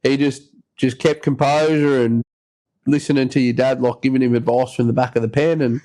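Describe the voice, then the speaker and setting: Australian bloke, podcast host, loose rambling storyteller, mid-pitched voice. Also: male voice, fairly even intonation, a little fast, mellow. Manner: rambling yarn-spinner, acts out quoted voices. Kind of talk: casual storytelling chat.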